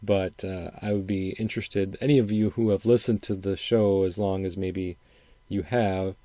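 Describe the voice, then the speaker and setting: Middle-aged man, faint upper Midwestern accent, low warm voice, casual podcast talk, dry close sound. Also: steady tone, moderate pace, no echo. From Wisconsin. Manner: rambling, thinking aloud, repeats words. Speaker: podcast host. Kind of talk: casual solo podcast commentary.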